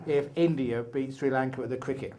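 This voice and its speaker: A man in his sixties with a British accent, a meditation teacher telling a story in a slow, playful way with humorous asides during an evening dharma talk at a retreat. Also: medium pitch, mellow. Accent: British English. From England. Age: 60s. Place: retreat hall.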